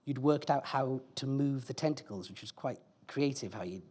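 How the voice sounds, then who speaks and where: A man's voice: medium pitch, normal speed, a little mellow. A man hosting a stage interview, asking questions and teasing the guest playfully. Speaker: interviewer, host.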